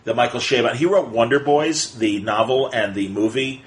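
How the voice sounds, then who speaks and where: A man in the middle of a casual podcast conversation, talking fast and animatedly. His voice sits at a middle pitch. He keeps slipping into playful voices whenever he quotes someone. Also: low-quality recording. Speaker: podcast co-host. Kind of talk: casual chat.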